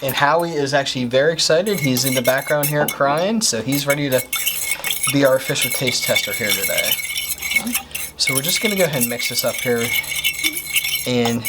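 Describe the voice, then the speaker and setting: A man's voice: mid-range voice, moderate pace, heavy background noise. A man hosting a home baking show, chatting upbeat and explaining each step as he works in a kitchen. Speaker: cooking show host. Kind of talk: casual cooking demonstration.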